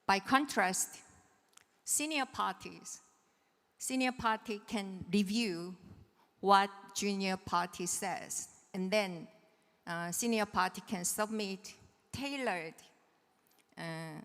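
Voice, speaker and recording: A woman's voice: medium pitch, slow, long pauses, fairly bright tone. A woman presenting a technical lecture at a seminar, explaining step by step and checking in with her listeners. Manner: patient, checks understanding with "right?". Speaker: seminar presenter on patent law. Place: seminar hall. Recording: reverberant lecture hall.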